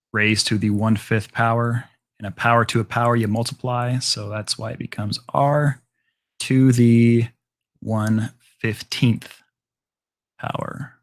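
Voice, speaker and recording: A man teaches a math class in a casual, conversational way. He works through each step out loud and keeps filling pauses with ums and all rights. His voice sits at an ordinary middle pitch. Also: little pitch movement. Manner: casual, filler-heavy explaining with frequent ums and all rights. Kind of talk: classroom lecture.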